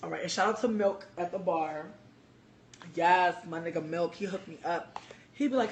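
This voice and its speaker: A livestream host ranting to viewers in a brash, loud, profane and sassy way, speaking from a bar. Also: mid-range voice, moderate pace, slight background noise. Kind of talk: brash casual rant to viewers.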